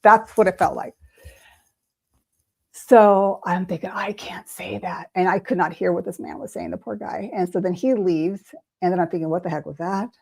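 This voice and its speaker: A woman's voice: on the low side, normal speed, gravelly. An older woman, an intuitive reader, telling a personal story in an interview and acting out the voices she quotes. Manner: animated, acts out quoted voices.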